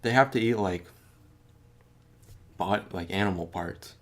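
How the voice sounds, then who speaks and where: A man's voice: low-pitched, measured pace. A man casually retelling a movie he watched, swearing a lot, laughing and acting out the characters' lines. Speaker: podcast co-host.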